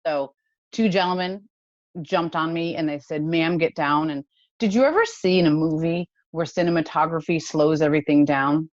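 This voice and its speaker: Interview guest: woman, low voice, dull dry recording, emotional storyteller. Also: normal speed, dry recording. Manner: emotional, animated retelling with laughs. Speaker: podcast guest, company founder.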